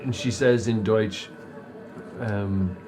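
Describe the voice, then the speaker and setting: A man narrating a tabletop role-playing game as game master, describing scenes calmly with pauses. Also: on the low side.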